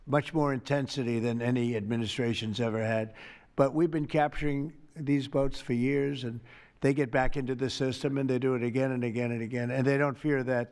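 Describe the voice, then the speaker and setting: A man's voice: mid-range voice, a little mellow. Older man rambling at a press event. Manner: rambling, repetitive, boastful asides. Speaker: president answering press questions. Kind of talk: off-the-cuff press remarks. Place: press event, reporters in room.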